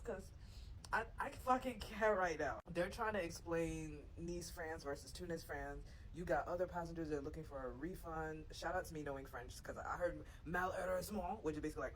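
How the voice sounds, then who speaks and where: A woman's voice: fairly low pitch, a little fast, slight background noise, poor audio. A woman reacting to videos in a casual vlog, giggly and laughing as she talks. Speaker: former gate agent reacting to videos.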